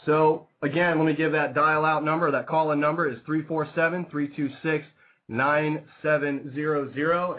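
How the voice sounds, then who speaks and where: Chatty male radio host, tinny sound. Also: fairly high pitch. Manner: chatty, rambling, reads out sponsor plugs and call-in number. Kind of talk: casual radio banter.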